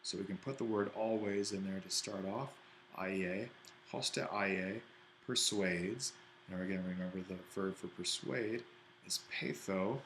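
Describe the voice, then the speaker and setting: A man's voice: low voice, normal speed, fairly bright tone, a little hiss or hum, low-quality recording. A man teaching an ancient Greek exercise, thinking aloud and correcting himself as he writes. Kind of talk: worked-exercise lesson.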